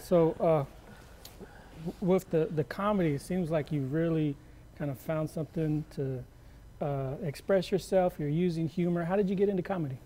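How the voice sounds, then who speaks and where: Halting male TV interviewer. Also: a little high, warm tone, slight background noise. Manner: halting, restarts a lot. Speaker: interviewer, host.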